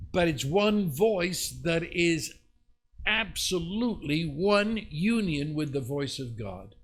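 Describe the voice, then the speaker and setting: Male preacher, slow, earnest, mid-pitched, builds to emphatic peaks. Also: fairly bright tone, a little hiss or hum. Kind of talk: webinar Bible teaching.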